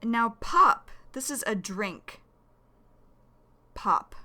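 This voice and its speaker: A woman teaching English vocabulary slowly and clearly, repeating each new word. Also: fairly high pitch, expressive, sharp tone. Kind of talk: slow vocabulary lesson.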